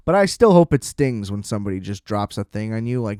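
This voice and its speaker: A man's voice: mid-range voice, fast, hardly any pauses, a little mellow, clean tone, no echo, studio quality. A man hosting a podcast alone, ranting in an exasperated, profane way and acting out sarcastic back-and-forths. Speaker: podcast host. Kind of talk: solo ranting monologue.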